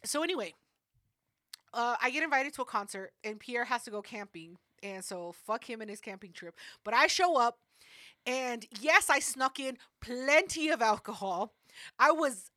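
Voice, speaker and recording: A young woman co-hosting a podcast, telling stories loudly and brashly, with plenty of swearing. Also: fairly high pitch, no room sound, clean studio sound. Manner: loud, brash storytelling with heavy swearing. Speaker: podcast co-host. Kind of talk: casual chat.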